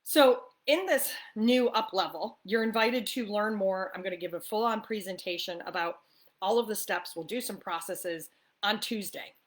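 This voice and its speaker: An upbeat woman talks straight to camera in a relaxed coffee-talk chat. She coaches listeners in a friendly, chatty way, often checks in with a quick "right?" and slips into easy laughter. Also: medium pitch. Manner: laughs often while talking. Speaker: spiritual life coach. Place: the East Coast of the US.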